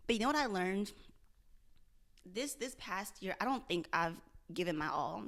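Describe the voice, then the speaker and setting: A woman's voice: medium pitch, lively intonation, slow, pauses often, fairly bright tone. A young woman vlogging candidly about her struggles, earnest and self-searching, often repeating and restarting her phrases. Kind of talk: candid confessional vlog.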